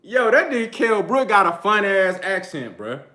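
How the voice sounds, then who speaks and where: A man's voice: sits high, sing-song, moderate pace, sharp tone. Slangy man hosting a boxing live stream. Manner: laid-back slangy, laughs often, reads super chats. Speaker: boxing channel host. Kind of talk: casual live-stream commentary.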